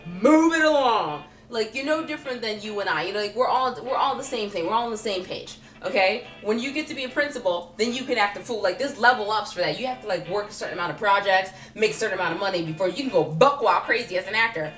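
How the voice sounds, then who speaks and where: A young woman vlogger telling comedic stories about acting, with an animated, playful delivery and goofy voices for the people she describes. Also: mid-range voice, quick pace, few pauses, reverberant, recorded from a distance, soft background music. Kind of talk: comedic storytelling vlog.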